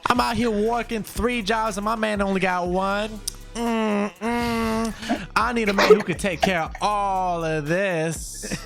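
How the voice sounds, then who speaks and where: A man voicing a sassy Southern woman in her forties, with a put-on Southern US accent and drawn-out, complaining delivery. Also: high-pitched, steady tone, gravelly, loud music behind the voice, pitched above the performer's own voice, full character voice.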